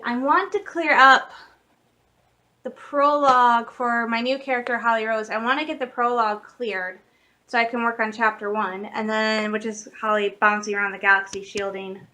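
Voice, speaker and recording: Bright-voiced chatty young woman vlogging. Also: fairly high pitch. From Michigan. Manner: chatty, excitable storytelling with laughs. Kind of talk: casual daily vlog chat.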